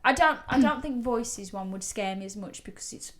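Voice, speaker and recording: A woman's voice: on the high side, moderate pace. A woman co-hosting a podcast, casually reading out listeners' ghost stories with laughs and the odd swear word. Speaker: podcast co-host. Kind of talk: casual storytelling chat.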